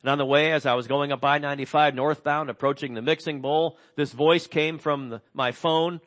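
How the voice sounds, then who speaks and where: A middle-aged male pastor reads scripture while preaching, his voice a little high with fairly even intonation. He is earnest, slowing down and dropping softly on key words.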